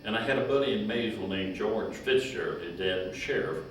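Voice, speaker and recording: His voice is fairly low and a bit bright: a Kentucky man in his 90s, formerly a county agent, telling long, rambling personal stories at a slow, folksy pace with a chuckle. A little hiss or hum sits under the echoey room and distant mic.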